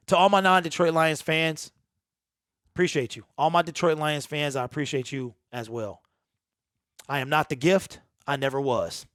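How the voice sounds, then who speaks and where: Sports channel host, male, emotional and emphatic, repeats his points, pitched a touch high, dry and close. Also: dry recording. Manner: emphatic, repetitive, earnest and emotional. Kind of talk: raw unedited monologue to camera.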